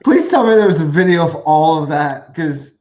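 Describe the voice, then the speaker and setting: A man co-hosting a podcast in casual chat, reacting with quick exclamations and laughing a lot. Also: a little high, animated, dull audio, a crowd in the background. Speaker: podcast co-host.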